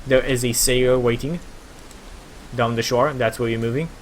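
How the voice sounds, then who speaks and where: A man narrating a tabletop role-playing game as game master, casual and halting with fillers. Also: mid-range voice, fairly even intonation, slight background noise.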